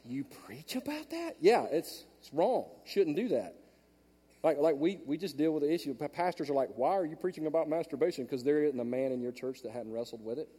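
A male pastor delivers a storytelling sermon in a high, lifted voice. He drops to hushed asides, then climbs to loud, emphatic peaks. The sound rings with the long reverb of a big church hall. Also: big pitch swings, brisk, breathy edge. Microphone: handheld mic.

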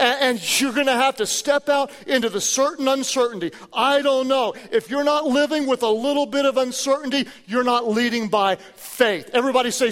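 A man's voice: very high voice, fairly bright tone, big-room sound. A male pastor preaching a sermon to his congregation, telling stories with energy and humor. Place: large church auditorium.

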